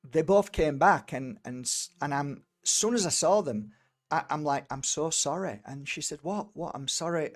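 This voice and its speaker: A middle-aged man from Britain, an energy healer, telling a personal story in a rambling way, with many fillers and restarts. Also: mid-range voice. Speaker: energy healer and tarot reader.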